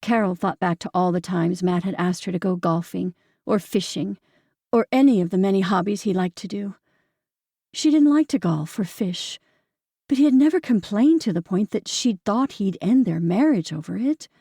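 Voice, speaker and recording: A woman narrating a romance novel in steady, measured storytelling. Her voice has a gravelly texture and sits at a middle pitch. The recording is dry and close, with no room sound. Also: dry recording. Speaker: audiobook narrator. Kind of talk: scripted narration.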